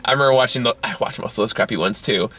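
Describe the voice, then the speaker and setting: A young man in casual chat with a friend, laughing often and swearing freely as he tells animated stories. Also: medium pitch, very fast. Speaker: podcast co-host.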